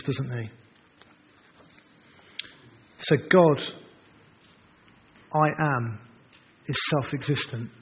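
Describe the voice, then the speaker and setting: Earnest man preaching in a reverberant hall. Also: on the high side. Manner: earnest, emphatic, builds through repeated phrases. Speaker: pastor. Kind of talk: sermon. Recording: dull, reverberant hall recording with faint noise.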